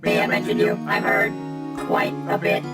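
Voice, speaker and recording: Give me a cold robotic prosecutor woman voiced by text-to-speech, over loud game music. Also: fairly low pitch, normal speed, gravelly, reverberant, far from the mic. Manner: flat, clipped, dismissive.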